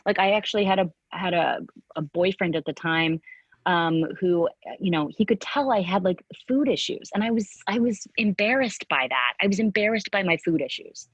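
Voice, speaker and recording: A middle-aged woman with a low, husky voice speaks earnestly as a guest in a candid interview at a moderate pace. She restarts often and acts out quotes from her past. The lo-fi recording has no echo.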